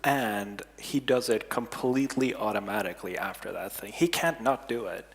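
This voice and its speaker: A man speaking on a conference panel, casual and halting, with frequent restarts. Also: lowish voice, gravelly. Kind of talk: panel discussion. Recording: long reverb of a conference hall.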